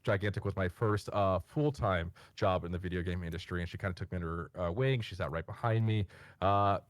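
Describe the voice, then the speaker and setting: Low-voiced man telling stories, dry sound. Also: fairly quick, dry recording. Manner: rambling with many fillers, animated impressions in quotes. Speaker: podcast guest. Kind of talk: casual storytelling chat.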